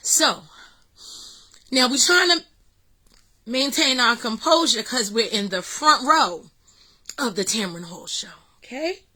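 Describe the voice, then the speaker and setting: A middle-aged woman, excitedly telling a story to her vlog audience with lots of fillers. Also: fairly high pitch, slow pace, pauses often, rough recording. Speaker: vlog host.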